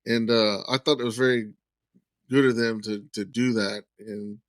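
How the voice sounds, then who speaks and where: A man's voice: fairly low pitch, moderate pace, no echo. Man telling a story in a dry-sounding room. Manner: animated anecdote teller, acts out quoted lines. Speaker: podcast guest. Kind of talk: casual storytelling.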